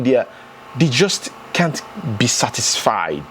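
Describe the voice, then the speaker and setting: A man's voice: mid-range voice, very animated, moderate pace, a little hiss or hum. A man hosting a casual commentary vlog, reading posts aloud and reacting in a chatty way. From Nigeria. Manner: chatty, reacts with rising exclamations. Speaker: vlogger host.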